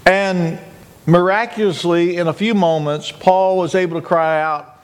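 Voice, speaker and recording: A man's voice: high voice, moderate pace. A male pastor preaching a communion sermon, retelling scenes dramatically and acting out joyful cries. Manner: dramatic, acts out shouted cries.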